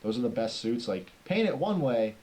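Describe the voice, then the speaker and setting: A man co-hosting a casual podcast, talking in a halting way with many ums and restarts. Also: medium pitch, big pitch swings, mellow, rough recording. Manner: halting, stumbling over words with many ums. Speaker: podcast co-host. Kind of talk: casual chat.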